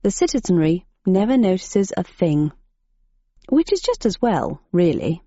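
A woman reading a novel aloud as a narrator, in a dry, measured manner. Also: on the low side, very animated, mellow, no echo. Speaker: audiobook narrator. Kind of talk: scripted narration. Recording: dull muffled audiobook recording.

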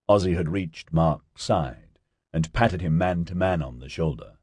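Deep, husky male audiobook narrator. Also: unhurried, no room sound, clean studio sound. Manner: expressive storytelling.

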